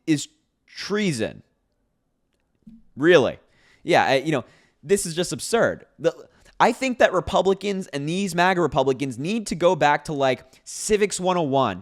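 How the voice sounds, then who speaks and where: Sarcastic man doing video commentary. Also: a little high. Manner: sarcastic, incredulous, reacting to posts; laughs between points. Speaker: political commentator.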